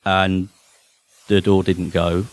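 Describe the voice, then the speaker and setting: A man performing a first-person horror story live on a theatre stage, halting and often repeating his words. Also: sits low, flat delivery.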